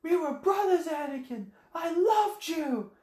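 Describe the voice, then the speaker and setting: A woman doing Obi-Wan, slow and dramatic. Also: very high-pitched, lively intonation, a little mellow, pitched above the performer's own voice. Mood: pained. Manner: slow, dramatic movie-line delivery. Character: earnest, wounded male Jedi knight. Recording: echoey room.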